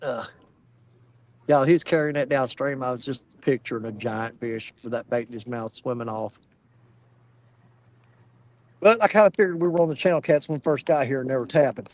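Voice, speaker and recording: A man, hosting a fishing stream outdoors on a river and chatting in a relaxed, joking way. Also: mid-range voice, normal speed, pauses often. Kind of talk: casual chat.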